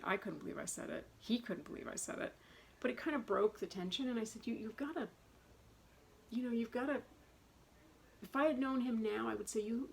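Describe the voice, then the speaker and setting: A woman's voice: mid-range voice, vocal fry, low-quality recording. A middle-aged woman talking casually and at length in a personal vlog, rambling and chatty. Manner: chatty, rambling, self-described talker. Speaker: vlogger. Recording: faint background noise.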